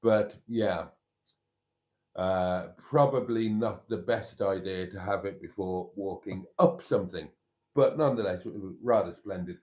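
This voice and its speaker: A man with a low, slightly mellow voice hosts a casual live stream at a measured pace. He chats in a rambling way and reads viewer comments aloud.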